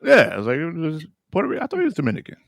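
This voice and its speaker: A man's voice: on the high side, wildly swooping pitch, racing, vocal fry, a bit bright, dry recording, clean studio sound. A man co-hosting a podcast, recapping a TV episode in casual, rambling chat full of restarts. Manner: rambling, many restarts and fillers. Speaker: podcast co-host.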